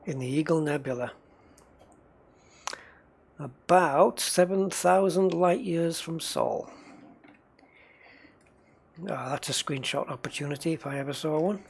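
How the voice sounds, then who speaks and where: A man's voice: on the high side, measured pace, gravelly, pauses often, slightly rough. A man giving casual gameplay commentary, chatty, talking to himself and the game and chuckling often. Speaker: gamer narrating his play.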